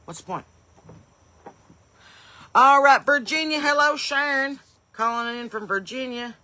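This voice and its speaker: Speaking from her home porch one evening, a woman comedian runs a live stream in a high, bright, forceful voice at an unhurried pace. She welcomes viewers in folksy, upbeat bursts, then drifts into rambling asides.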